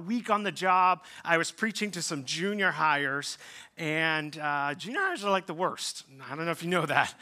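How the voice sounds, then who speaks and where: Male pastor, 30s, casual storytelling sermon, lots of um and like, forceful bright tone. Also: fairly high pitch, clean tone. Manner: conversational storytelling with self-deprecating humor; casual fillers like um and like.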